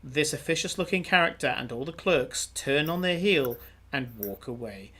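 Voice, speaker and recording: A man's voice: fairly high pitch, lively intonation, moderate pace, sharp tone, a little hiss or hum. A man narrating as game master of a tabletop game, rambling with many filler sounds.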